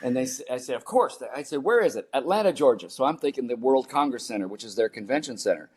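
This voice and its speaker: Animated older American man telling stories. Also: mid-range voice, fast. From United States. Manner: animated storyteller, acts out his own panicked voice. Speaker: guest, performance coach. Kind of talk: storytelling interview talk.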